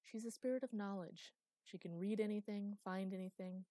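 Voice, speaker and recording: A woman's voice: mid-range voice, steady tone, normal speed, warm tone, dry recording, close to an everyday voice. Brief: teasing, evasive immortal mistress of a magic library, audiobook, read by a woman; dry close sound.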